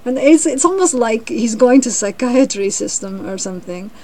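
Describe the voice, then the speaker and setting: A woman's voice: on the high side, expressive, normal speed, mellow, low-quality recording. A woman in a casual vlog reading from a family book, chatting in rambling asides and laughing often. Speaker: reader sharing her grandmother's books.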